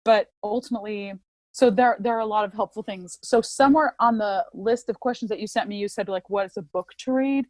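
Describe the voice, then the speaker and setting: A woman's voice: mid-range voice, brisk, no room sound. A woman, an opera singer, talking candidly in an interview, reflective and earnest, with many "like" fillers. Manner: reflective, earnest, heavy use of "like".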